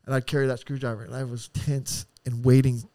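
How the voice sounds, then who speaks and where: A man telling his rough story on a podcast, with an average pitch and a bluntly profane, animated way of talking. His voice is close and dry, with no room echo. He jumps into quoted voices as he retells what happened. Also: a little fast. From San Diego area. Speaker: podcast guest. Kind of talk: candid storytelling.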